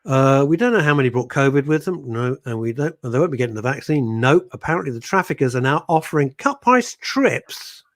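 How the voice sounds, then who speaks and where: A man's voice: medium pitch, sing-song, brisk, few pauses. A man hosting a radio show, blunt and jokey as he reads out listener messages. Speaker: radio host. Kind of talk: casual radio chat.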